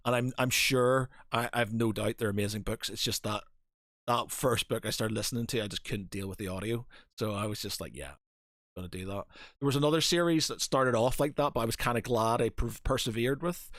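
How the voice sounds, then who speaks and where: A man co-hosts a podcast, chatting casually and rambling with plenty of fillers and restarts. His mid-range voice is fairly bright and a little fast, recorded in studio quality with no room sound.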